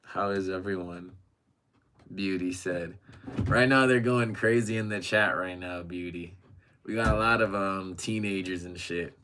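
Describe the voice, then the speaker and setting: Low-voiced man reading stream chat. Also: a little slow, sharp tone, slight background noise. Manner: reads chat messages aloud and reacts, swearing. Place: rented apartment.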